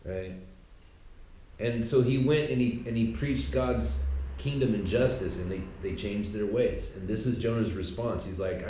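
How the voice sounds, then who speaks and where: A man casually retelling a Bible story in a slangy, animated, conversational way. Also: on the low side, normal speed. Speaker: podcaster. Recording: echoey room.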